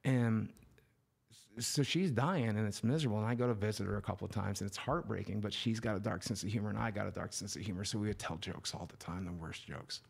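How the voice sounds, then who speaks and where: Gravelly low-voiced man telling a story. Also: fast talker. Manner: emotional storyteller, swears freely, drops to near whispers. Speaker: guest. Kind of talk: candid interview storytelling.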